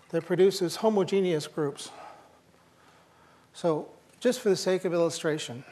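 A man's voice: fairly high pitch, darkish tone. An older man giving a university lecture, thinking aloud with fillers and restarts and slipping in dry jokes.

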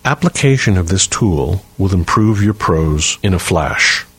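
A man with a very deep, slightly husky voice reads a short writing lesson in a measured, deliberate way. The sound is dry and close, like a quiet studio. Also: lively intonation, no echo. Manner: measured, clear and deliberate reading. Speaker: writing teacher, podcast host. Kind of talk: scripted instructional reading.

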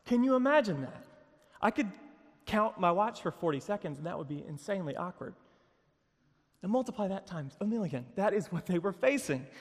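A man preaches at campus worship in a slightly higher voice. He tells the story with playful asides and moves between hushed moments and emphatic peaks. The long reverb of a large hall trails after his words. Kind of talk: sermon.

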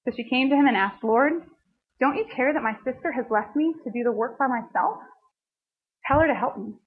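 A woman teaching a Bible passage in a relaxed, conversational way, often dropping in "like" as she talks to a group of students. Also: on the high side, breathy edge. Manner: conversational, frequent "like" asides. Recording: band-limited phone-like sound.

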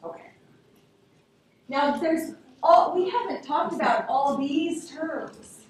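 A woman teaching a linguistics class in a lively, informal way, often putting questions to her students. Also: high-pitched, slow, slight background noise. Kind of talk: classroom lecture. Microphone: room recording from a distance. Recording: very echoey classroom, distant mic.

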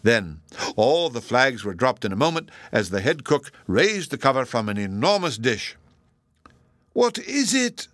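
A man narrating a story in a measured audiobook reading. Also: no room sound. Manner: measured storytelling with lively pitch.

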